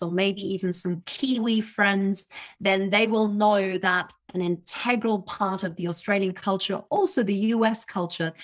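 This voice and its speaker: A woman giving confident, emphatic expert advice as a guest in a podcast interview, laughing now and then at her own points. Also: mid-range voice. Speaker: communication coach, guest.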